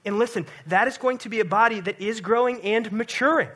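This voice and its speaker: A man's voice: sits high, brisk, a bit bright. A middle-aged man, a pastor, giving an earnest, conversational sermon with frequent restarts.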